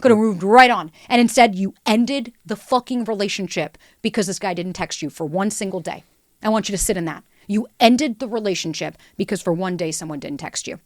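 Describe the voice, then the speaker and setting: A woman's voice: medium pitch, brisk, dry recording. A woman hosting an advice podcast in a studio, talking bluntly and emphatically and swearing freely. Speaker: podcast host. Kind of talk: frank advice talk.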